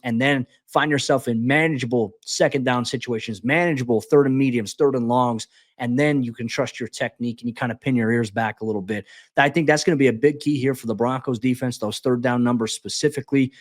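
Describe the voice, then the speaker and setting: Fast-talking man breaking down football. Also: mid-range voice, no room sound, studio quality. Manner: rapid, animated, frequent stammered restarts. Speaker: guest podcast host. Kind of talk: casual sports analysis chat.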